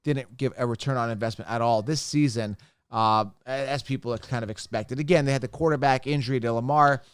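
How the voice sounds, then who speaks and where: A man's voice: medium pitch, fairly even intonation, fairly quick, smooth, no echo, studio quality. A man hosting his own fantasy football show, talking in a blunt, emphatic way and hard-selling his sponsors. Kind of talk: energetic solo sports commentary.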